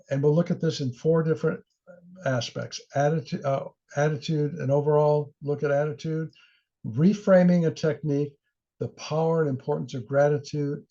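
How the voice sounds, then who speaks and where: A man's voice: mid-range voice, warm tone. A middle-aged man presenting a training webinar in an earnest, encouraging way, sometimes acting out the voices he quotes. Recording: dull lo-fi webinar audio.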